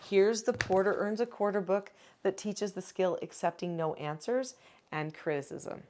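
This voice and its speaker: A woman working as a parenting educator and author, calmly explaining parenting skills step by step in an advice video. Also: mid-range voice, moderate pace, a little hiss or hum. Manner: calm, instructive, explains step by step.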